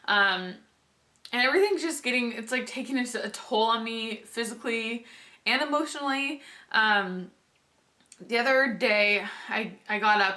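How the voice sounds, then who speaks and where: A woman's voice: medium pitch, bright, forceful tone. A young pregnant woman chatting casually to camera in a vlog, rambling with lots of "like" and little laughs. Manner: chatty, lots of "like" and restarts, laughs while talking. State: heavily pregnant. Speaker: vlogger.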